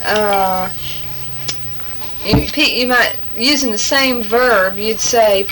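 Woman tester reading fill-in prompts, halting delivery, slightly high pitch, faint room noise. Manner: halting, many fillers, says okay after each answer. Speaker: language tester.

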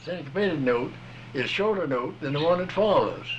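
A man's voice: a little high, lively intonation, moderate pace, slight background noise. A man in a casual recorded conversation, explaining rhythm and accents in a plain-spoken, folksy, patient way. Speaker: music teacher explaining rhythm.

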